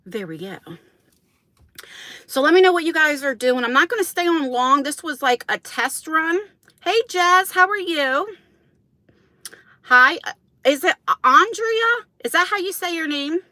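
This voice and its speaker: Woman livestreamer, high voice, casual rambling chat with viewers, dry close sound. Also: lively intonation, measured pace, pauses often, pushed and bright, no room sound. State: out of breath. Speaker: vlogger hosting a livestream. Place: outdoors in wind, then inside a parked car. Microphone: phone on a selfie stick.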